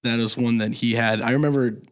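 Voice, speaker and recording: Relaxed young man, podcast guest. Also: medium pitch, a little fast, clear, resonant tone. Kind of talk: casual conversation.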